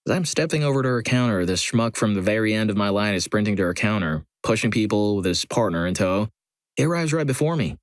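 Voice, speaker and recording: Male narrator with a low voice and a dry, close sound, reading scripted stories at a steady pace. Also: quick pace, dry recording. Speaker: story channel narrator.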